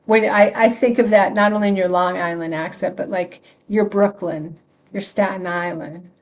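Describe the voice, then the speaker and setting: Reading out and replying to comments from viewers, a woman reverend runs an online prayer circle, laughing often and restarting her phrases in loose, casual spiritual talk. Her mid-range voice holds a steady tone at normal speed, and the recording's highs are cut off.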